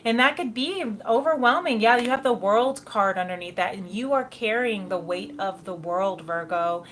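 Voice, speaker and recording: A woman's voice: medium pitch, expressive, normal speed, a bit bright. Brief: chatty woman reading tarot, easy mid-range voice, laughs a lot, faint hiss behind. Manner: chatty, laughs often, slips into quoted asides. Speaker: tarot reader.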